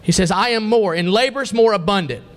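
A man's voice: high-pitched, fairly quick. A man preaching a sermon to a congregation, reading scripture and asking the listeners pointed questions.

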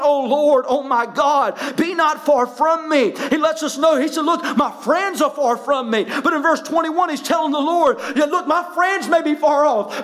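High-voiced preacher man. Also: low-quality recording. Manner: impassioned preaching, rising and shouting at peaks; drops low and quiet for personal stories. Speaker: pastor. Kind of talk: sermon.

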